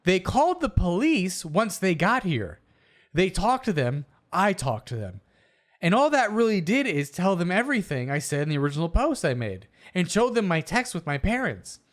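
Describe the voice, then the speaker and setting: Male comedy podcast co-host, animated and jokey, slightly high voice that swings widely in pitch. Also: normal speed. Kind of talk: casual comedic chat, reading posts aloud.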